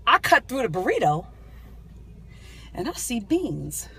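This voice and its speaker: A woman's voice: on the high side, very animated, unhurried, vocal fry, bright, forceful tone, husky. A middle-aged woman from San Diego telling a comic, indignant story in a casual vlog, talking from inside her car. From San Diego, California. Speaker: vlogger. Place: in a car, driving.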